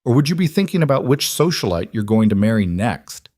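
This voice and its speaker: A man's voice: medium pitch, big pitch swings, brisk, a little mellow, dry recording, studio quality. A man voicing a defiant pregnant young wife, cutting and bitter, in an audiobook reading.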